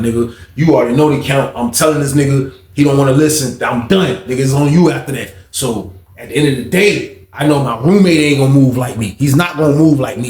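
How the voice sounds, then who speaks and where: A man casually telling a story in an animated, profane, slang-heavy way. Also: medium pitch. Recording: roomy echo.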